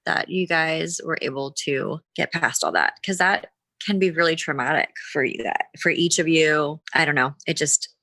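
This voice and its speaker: A woman co-host speaks in a bright, slightly low voice, casual and supportive of her guest. The sound is dry and close to the mic, with no room around it. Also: normal speed, no echo. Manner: supportive, casual, uses fillers. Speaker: podcast co-host. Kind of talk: casual chat.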